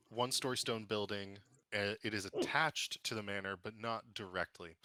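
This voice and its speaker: Male DM on a voice call, bright and a bit low, dry close mic, rambling scene descriptions. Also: no echo. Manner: loose, chatty descriptions full of fillers. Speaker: dungeon master. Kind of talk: describing scenes and running combat. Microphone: online voice call.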